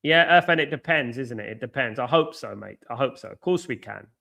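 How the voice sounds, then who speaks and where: A man hosting a live football watchalong, chatting to viewers by name and reacting excitably to each moment of play. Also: mid-range voice, a little fast, vocal fry. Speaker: watchalong host.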